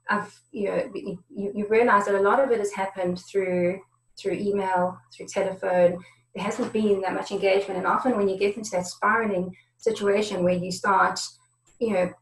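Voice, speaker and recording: A woman giving a conversational webinar presentation on negotiation, often stopping and repeating words as she goes. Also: medium pitch. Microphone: video conference setup. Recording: roomy echo.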